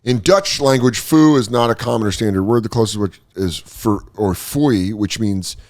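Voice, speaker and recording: A middle-aged man hosting a podcast, telling a story casually, swearing freely and acting out other people in high silly voices. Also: moderate pace, a little mellow. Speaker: podcast host.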